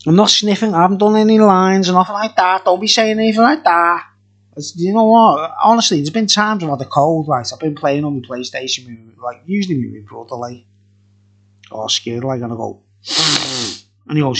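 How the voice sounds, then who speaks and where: Husky rambling man. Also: sits high, brisk. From England. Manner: rambling, jokey and profane. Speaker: beer reviewer. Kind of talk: casual chat.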